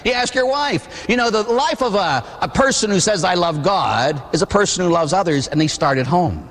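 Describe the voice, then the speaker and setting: A man in his forties from Pittsburgh, a priest preaching a sermon with animated storytelling and acted-out voices. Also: sits high, moderate pace, hardly any pauses, big-room sound. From Pittsburgh, USA. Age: 40s. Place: church.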